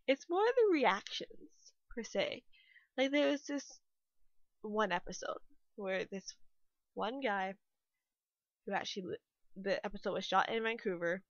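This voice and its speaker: A young Canadian woman, a YouTuber who also works at a restaurant, chats casually over a speed build, rambling with plenty of "like" and "you know." Her mid-range voice has a fairly bright tone, and the recording is dry and lo-fi.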